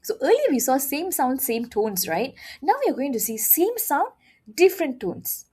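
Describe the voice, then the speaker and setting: A woman's voice: high-pitched, very animated, moderate pace, warm tone. A woman teaching a beginner language lesson, speaking expressively and modeling sounds with exaggerated tones while checking in with her learners. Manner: repeats "all right?" to check understanding.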